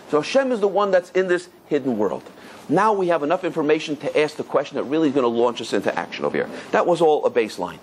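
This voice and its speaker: A middle-aged rabbi lecturing on Torah, telling stories with lively emphasis and repeated phrases. His voice sits high for a man and has a husky grain. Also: fast talker. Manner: animated, repetitive storytelling.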